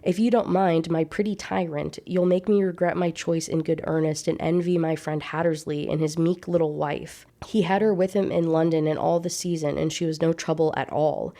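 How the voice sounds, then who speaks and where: A woman's voice: sits low, steady tone, moderate pace, hardly any pauses, warm tone. Woman reading as a dismissive Victorian husband. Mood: mocking.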